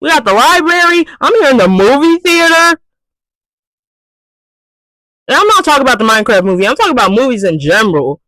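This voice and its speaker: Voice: sits high, big pitch swings, fairly quick, pauses often, pushed and bright, no echo, low-quality recording. A vlogger ranting casually to camera, exasperated and profane, repeating phrases for emphasis.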